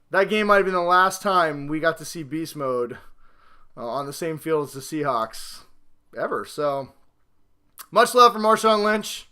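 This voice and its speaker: A man hosting a casual football talk show, rambling and self-mocking, swinging between loud hype and low mutters. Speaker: podcast host.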